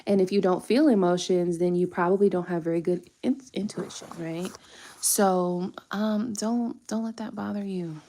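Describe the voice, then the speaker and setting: A woman's voice: medium pitch, steady tone, normal speed, warm tone. A young woman, a tarot reader chatting casually and candidly on a live stream, swearing freely.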